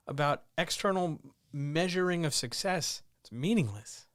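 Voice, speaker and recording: A man's voice: a little high, expressive, moderate pace, long pauses, no room sound, studio quality. A man hosting a stream, giving a blunt, earnest, motivational talk into a microphone at home with his cats, swearing freely. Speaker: streamer host. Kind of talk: candid motivational monologue. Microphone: talking into a microphone.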